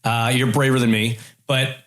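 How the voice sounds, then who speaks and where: A man's voice: mid-range voice, level tone, brisk, a bit bright. A man co-hosting a podcast, chatting casually with a guest. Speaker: podcast co-host. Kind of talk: casual chat.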